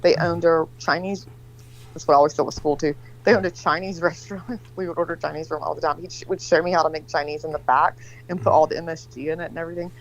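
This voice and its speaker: A woman in her forties tells a long story in an animated, rambling way, with plenty of swearing and voices for the people in it. She sits on a video call. The audio is a little dull and lo-fi. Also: low-pitched, fast, slight background noise. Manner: rambling, profane, animated storytelling with acted-out quotes. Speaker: livestream guest. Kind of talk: casual storytelling chat.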